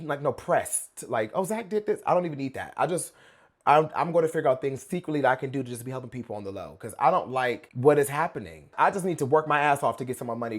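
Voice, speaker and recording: A man from the United States hosting a reaction commentary, blunt and sassy, with lots of slang and asides. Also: medium pitch. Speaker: host and pop-culture commentator.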